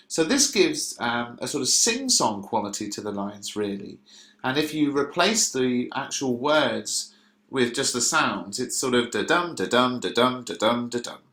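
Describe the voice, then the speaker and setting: A male teacher at a middle pitch talks a class through the material, slow and patient, stopping often to search for words. His voice carries a roomy echo, as if recorded in an open room. He keeps the tone plain and explanatory. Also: fairly bright tone. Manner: patient, explains step by step with frequent pauses.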